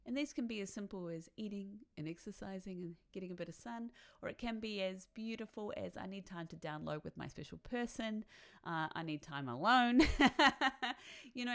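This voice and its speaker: A woman with a somewhat low voice leads a guided self-reflection talk. She coaches in a chatty way, checks in with her listeners and often laughs lightly between points. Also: gravelly. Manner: warm, chatty coaching with frequent "right?" tags and laughs. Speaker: author and workshop guide.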